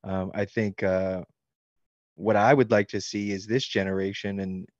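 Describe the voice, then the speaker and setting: A man's voice: fairly low pitch, flat delivery, a little slow, a little mellow, no room sound, lo-fi sound. Candid, joking man at a book signing. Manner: candid, joking, swears freely. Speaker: author answering fan questions. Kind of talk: casual interview chat. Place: book signing, signing books while talking.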